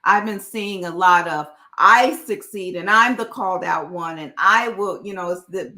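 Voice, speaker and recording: Woman, panelist, video call, unhurried, bright tone, earnest, reflective, frequent fillers. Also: on the low side. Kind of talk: live-stream conversation.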